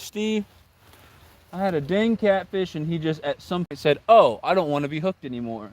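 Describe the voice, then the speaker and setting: A man's voice: medium pitch, no echo. A young man on a casual fishing stream, exasperated, repeating himself and talking to his chat outdoors by the water.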